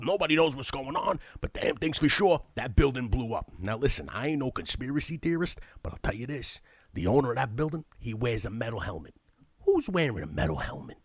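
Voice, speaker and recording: A man's voice: medium pitch, slightly rough, no echo. Guy doing a chatty hard hat worker who rambles on, super dry close sound. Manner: rambling, streetwise, repeats himself. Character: chatty male construction worker eyewitness, conspiracy-minded.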